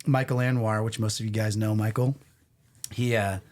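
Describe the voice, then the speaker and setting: Male podcast guest, middle-aged, lively rambling storyteller. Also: fairly low pitch, moderate pace. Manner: animated, rambling anecdotes with restarts. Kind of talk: casual storytelling.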